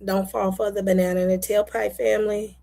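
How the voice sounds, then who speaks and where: A woman's voice: mid-range voice, flat delivery, brisk, gravelly, mellow. A woman host from the United States, giving blunt, impassioned casual commentary to her viewers and repeating herself for emphasis. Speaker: online show host.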